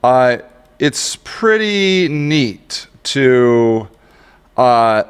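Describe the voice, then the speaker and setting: Speaking very slowly in a smooth, mid-range voice with big pitch swings, a man walks through social media marketing on a casual screen-share tutorial. He rambles, mocks himself, and grumbles when the tool misbehaves. A long reverb tail trails his words.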